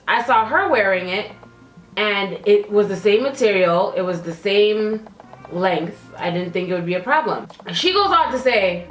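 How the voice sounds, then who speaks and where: A young woman telling a storytime while doing her makeup, animated and slangy, acting out what people said. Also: medium pitch. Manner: animated, slangy, acts out quotes. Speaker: beauty vlogger. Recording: roomy echo, faint music.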